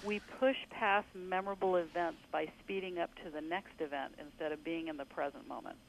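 A woman's voice: deep voice, fairly even intonation, brisk, crowd noise, rough recording. A woman who runs tantra workshops, appearing as a radio guest and giving advice in an assured, coaching way.

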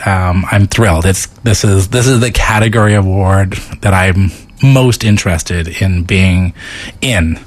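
A man guesting on a radio show, joking and halting, with many fillers as he searches for words. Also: deep voice. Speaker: studio guest, business owner. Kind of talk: casual interview. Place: radio studio booth.

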